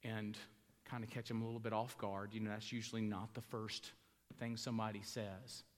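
A man's voice: on the low side, level tone, normal speed. A middle-aged man with a Southern US accent preaching a fiery funeral sermon from a church pulpit. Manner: fiery, building to loud preaching peaks. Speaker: pastor. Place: church sanctuary. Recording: long hall reverb.

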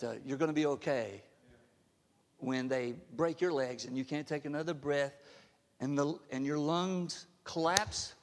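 In a church sanctuary, a male pastor preaches an emphatic sermon, often putting questions to the congregation. His voice sits on the high side with a fairly bright tone, and there is a long reverb tail.

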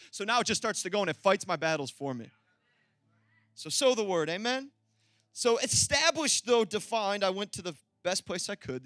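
A man preaching a sermon as pastor, animated and emphatic, calling out to the congregation for an amen. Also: sits high, no echo, clean studio sound.

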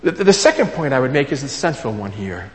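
A man preaching a sermon, emphatic, repeating his key phrases and swinging between loud and soft. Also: mid-range voice, sing-song, brisk. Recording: long reverb of a large hall.

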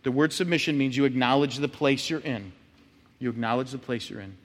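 A man's voice: mid-range voice, a little fast, big-room sound. A male pastor giving a sermon in a conversational way, often checking in with "right?". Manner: conversational, frequent "right?" asides.

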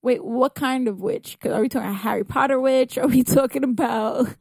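A woman with a fairly high voice trades blunt, slangy banter with friends on a podcast. She laughs often, and her voice sounds close and dry. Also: fairly quick, gravelly, a little mellow, no echo. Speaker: podcast co-host. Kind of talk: casual group chat.

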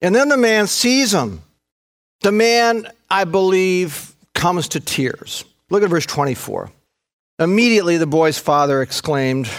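A male pastor preaching a sermon, retelling a Bible passage and acting out the voices of its people with dramatic rises. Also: moderate pace. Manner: dramatic, acts out scripture quotes with big pitch jumps.

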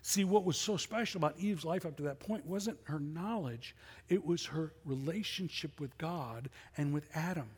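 A man's voice: fairly high pitch, moderate pace, breathy edge, long reverb tail. A middle-aged man preaching a sermon as pastor, conversational and full of rhetorical questions. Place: church sanctuary.

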